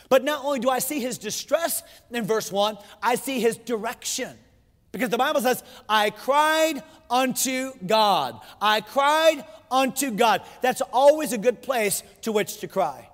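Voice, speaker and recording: A man's voice: very high-pitched, in a large hall. A pastor preaching a sermon to his congregation, emphatic, repeating his phrases and asking rhetorical questions.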